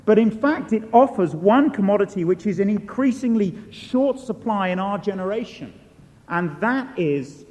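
A man preaching a sermon in a large church, measured and deliberate, repeating key words for emphasis. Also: high-pitched, expressive, darkish tone. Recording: long church reverb.

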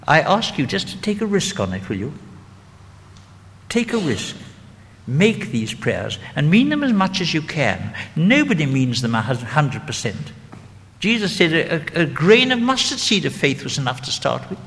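A man preaching an evangelistic sermon, gently and deliberately leading the listeners through prayers. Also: medium pitch, very animated. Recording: long hall reverb.

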